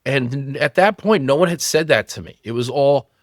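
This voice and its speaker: A man's voice: medium pitch, lively intonation, normal speed, hardly any pauses, dry recording, studio quality. A man in his thirties, a company founder, telling personal stories frankly and swearing freely in a candid podcast conversation. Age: 30s.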